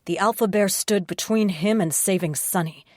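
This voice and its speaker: A woman narrating an audiobook in a slow, measured reading. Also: mid-range voice, a little mellow, no echo, studio quality.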